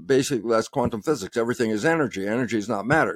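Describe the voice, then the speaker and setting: An animated man speaking as an interview guest, and his pitch leaps up and down for emphasis as he quotes his own remarks. The sound is dry and close, with no room around it. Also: racing, hardly any pauses, no echo. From United States. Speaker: guest scientist. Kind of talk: passionate interview talk.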